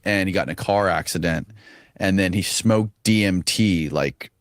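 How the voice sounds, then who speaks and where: A man's voice: low voice, moderate pace, no echo, studio quality. A man interviewing a guest in casual conversation and asking questions.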